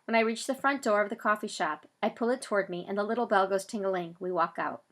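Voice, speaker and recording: A medium-pitched woman reads a first-person audiobook at a fast clip. She voices each character herself and breaks into loud bursts on the shouted lines.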